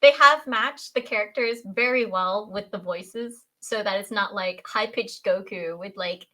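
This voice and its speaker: A woman with a bright, forceful voice at a middle pitch talks as a podcast guest. She keeps the chat lively and keeps slipping into funny put-on voices for the quotes she acts out. The tone stays casual throughout. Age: adult, a parent. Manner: chatty, quick to act out quotes in funny voices.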